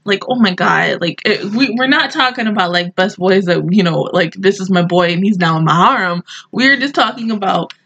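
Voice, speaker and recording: A woman's voice: medium pitch, moderate pace, creaky, few pauses, a bit bright, slightly rough, dull audio. A young woman hosting an anime reaction review, talking casually and emotionally with many fillers.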